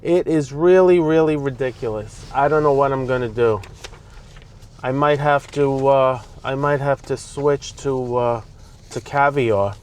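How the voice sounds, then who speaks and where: An aggravated man with a thick New York accent rants into a dash-mounted camera from the driver's seat. His voice sits at an ordinary middle pitch, and a faint hum of road and street noise runs under it inside the car. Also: a little slow, darkish tone. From New York, Bronx. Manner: aggravated, ranting, talks back at traffic. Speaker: vlogger. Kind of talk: ranting vlog while driving. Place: inside a car on city roads. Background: traffic and street noise.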